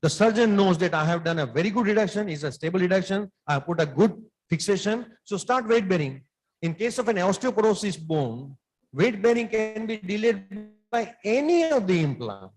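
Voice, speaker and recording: A man's voice: high voice, lively intonation, brisk, poor audio. A middle-aged man, a surgeon answering conference questions in an emphatic, lecturing way.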